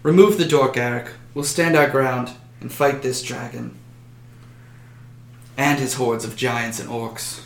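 A man voicing a female high elf who speaks calmly and commandingly. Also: unhurried, gravelly. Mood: resolute. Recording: roomy echo.

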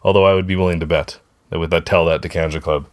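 A man's voice: sits low, steady tone, fast. A man co-hosting a podcast in casual chat, rambling and correcting himself as he goes in a friendly way. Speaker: podcast co-host.

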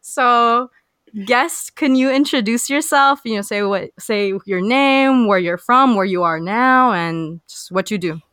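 A young woman hosts a podcast with bubbly, casual energy, saying "like" again and again. Her voice is smooth and clear. It is recorded dry and close, with no room sound. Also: fairly high pitch, measured pace, fairly bright tone, dry recording. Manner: bubbly, heavy use of "like". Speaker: podcast host.

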